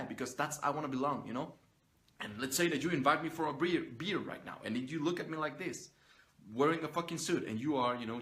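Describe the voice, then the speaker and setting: A man's voice: mid-range voice, fairly bright tone. A man giving a blunt, profane motivational monologue to his own camera, swearing freely and pushing his viewers to stand on their own. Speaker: motivational vlogger. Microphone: phone or camera he is recording himself on.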